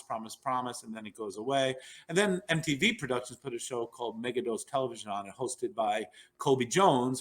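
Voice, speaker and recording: This podcast guest, a fifty-something neurologist from New York, rambles through lengthy stories in a casual interview, with plenty of fillers and false starts. His voice is medium-pitched and fairly bright.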